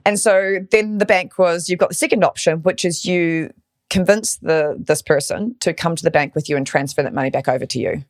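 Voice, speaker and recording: A woman, a podcast guest, tells a personal story with animated, emotional energy. Her voice is dry and close to the mic. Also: lowish voice, a little fast, no echo. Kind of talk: storytelling in interview.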